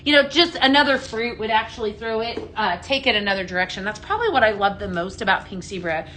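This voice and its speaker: A chatty home fragrance seller hosts a casual live-stream product demo, a bit out of breath, reading viewer comments aloud as she goes. She talks fast in a medium-pitched, sharp-toned voice, with slight background noise.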